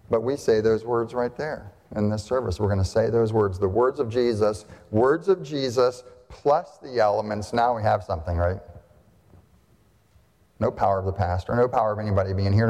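A pastor delivering a sermon in a conversational style, often asking rhetorical questions and checking in with "right?". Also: male voice, fairly low pitch, a little mellow. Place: church sanctuary. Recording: long reverb of a church hall.

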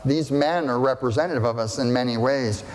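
A man's voice: medium pitch, fairly quick, darkish tone, in a large hall. A male pastor preaching a sermon in a conversational, emphatic way, asking rhetorical questions.

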